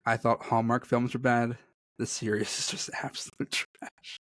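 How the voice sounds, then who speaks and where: A man's voice: mid-range voice, level tone, normal speed, fairly bright tone, dry recording. A man co-hosting a podcast in casual chat, rambling and self-deprecating, often breaking into laughter. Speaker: podcast co-host.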